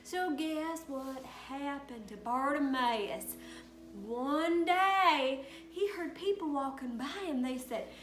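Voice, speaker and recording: High-voiced, slow-spoken woman teaching children. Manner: animated, asks children questions, calls out lines for them to repeat. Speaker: Sunday school teacher. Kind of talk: storytelling Bible lesson for preschoolers. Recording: echoey room.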